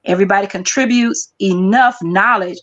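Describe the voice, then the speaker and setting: A lively, talkative woman. Her voice sits mid-range in pitch, and she talks with a loose, playful slang. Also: normal speed, highs cut off. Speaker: guest. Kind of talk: casual chat.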